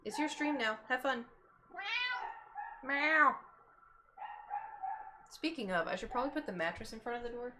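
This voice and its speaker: A woman's voice: fairly high pitch, expressive, fast, hardly any pauses, noisy background. A woman streamer chatting casually on a live stream, telling a story and breaking off to scold her cat in exasperated asides.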